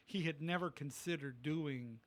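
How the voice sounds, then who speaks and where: A middle-aged man with a slightly raised pitch tells a long, rambling story on a podcast. He slips into quick impressions of the people he quotes as he goes. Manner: rambling anecdote teller, acts out quoted voices. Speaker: comedian guest.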